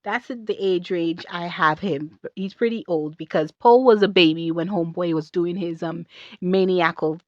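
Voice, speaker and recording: A woman ranting casually to camera in a sassy, animated way, drifting off on tangents. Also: fairly low pitch, moderate pace, dry recording. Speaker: video creator and artist. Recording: dull lo-fi dry recording.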